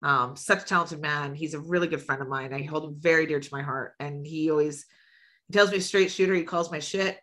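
Woman, very low voice, forceful tone, casual podcast guest, blunt, swears a lot. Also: fairly even intonation, brisk. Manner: blunt, swears freely, laughs often. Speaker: guest, music promoter and booking agent.

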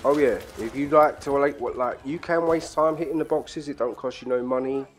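A man's voice: medium pitch, brisk. Crude man commentating a game. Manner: crude, excitable banter with sudden shouts. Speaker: gaming channel host. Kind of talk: profane casual gameplay commentary.

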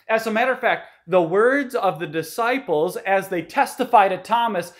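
A pastor preaching a sermon, explaining the text with emphasis. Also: male voice, sits high, fairly bright tone.

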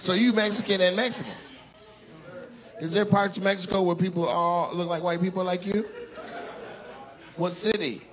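A male stand-up comedian doing crowd work, loud and teasing, with sudden shouted outbursts. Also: high-pitched, steady tone, normal speed, pauses often. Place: comedy club stage. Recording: live club recording with crowd laughter. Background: audience laughing.

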